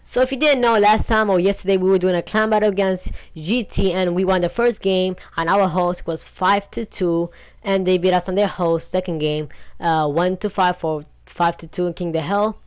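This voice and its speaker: A man's voice: high-pitched, fairly even intonation, normal speed, clean tone. A young man hosting a gaming channel, talking in a rambling, indignant and defensive rant.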